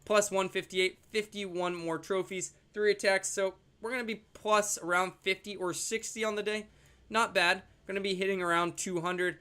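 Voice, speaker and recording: A man's voice: high voice, steady tone, moderate pace, clear, resonant tone. A young man casually commenting on his own gameplay as a video host, chatty and joking. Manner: chatty, jokey, talks to his dog in a soft baby voice. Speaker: gaming YouTuber.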